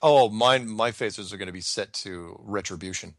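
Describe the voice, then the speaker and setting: A man hosting a casual talk show, quick and excitable, often repeating words. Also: fairly low pitch, no echo, studio quality. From United States. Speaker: radio show host. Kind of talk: casual radio chat.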